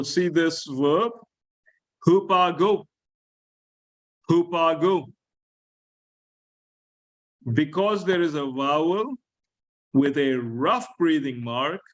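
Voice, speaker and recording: A man lecturing a class on Greek grammar, slowly repeating key words and asking his students questions. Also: fairly high pitch, highs cut off. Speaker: Greek teacher.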